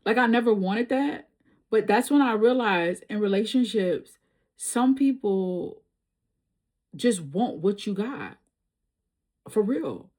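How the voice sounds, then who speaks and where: A woman's voice: medium pitch, lively intonation, takes it slowly, pauses often, darkish tone. A woman doing a tarot reading, telling a personal story in casual, slangy speech and laughing often. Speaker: tarot reader.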